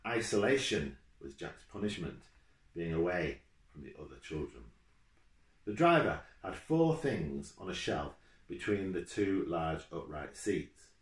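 A man reads his own children's book aloud in a steady, measured way. His voice sits low and deep. The sound rings in an echoey room at home, caught on a home video camera. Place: room at home, with his dog beside him.

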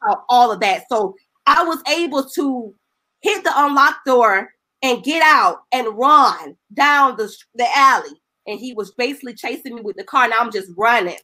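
A woman's voice: a little high, animated, moderate pace, pushed and bright. A woman evangelist, a guest on the show, telling her personal testimony in an earnest, emotional, colloquial storytelling way.

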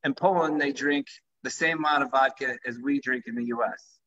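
A man's voice: medium pitch, steady tone, a little fast, sharp tone, slight background noise. A man who founded a vodka company, talking enthusiastically about his product in a live-streamed conversation. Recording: dull lo-fi livestream audio.

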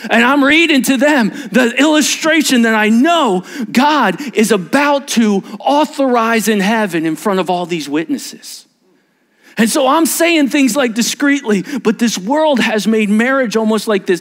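Animated pastor telling a story. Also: male voice, high voice, normal speed. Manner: animated storytelling, acting out voices. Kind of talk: sermon. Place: church sanctuary.

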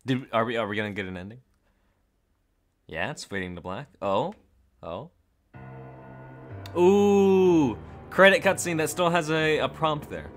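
A man giving casual, jokey let's-play commentary on a horror game, reacting quickly with nervous laughter. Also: medium pitch, lively intonation, fairly bright tone, soft background music. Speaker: gamer playing a horror game.

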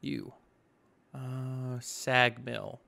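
A gaming YouTuber chats casually over his own let's-play, thinking out loud and throwing in exclamations. His mid-range voice is gravelly, pushed and bright, with a level tone and an extremely slow delivery.

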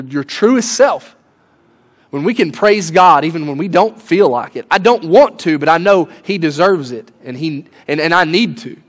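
A man preaching a Sunday sermon as a pastor, telling stories casually and building to impassioned pleas. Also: a little high. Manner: conversational preaching, rising to impassioned pleading. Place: church sanctuary.

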